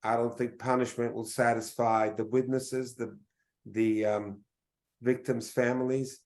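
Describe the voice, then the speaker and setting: A middle-aged man delivers a formal statement at a press conference. He speaks in a measured, deliberate way, stopping often on fillers as he builds his points. His voice sits at an ordinary middle pitch. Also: flat delivery, vocal fry, darkish tone.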